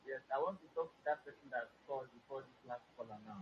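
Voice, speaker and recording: A man calling in to a live show, quiet and insistent. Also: medium pitch, fast. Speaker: caller. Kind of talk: phone call to a live show. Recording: dull lo-fi line with faint noise.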